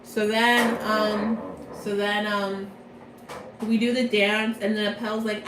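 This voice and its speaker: A woman's voice: mid-range voice, little pitch movement, slow pace, noisy background. Chatty young woman with a roomy echo. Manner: chatty, slangy, rambling, playful. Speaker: vlogger. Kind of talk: casual plot recap from memory.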